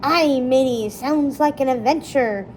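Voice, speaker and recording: A loyal, playful boy from a storybook who talks eagerly, as a woman reads his part. The voice is mellow and fairly high. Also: expressive, normal speed, a little hiss or hum, close to an everyday voice.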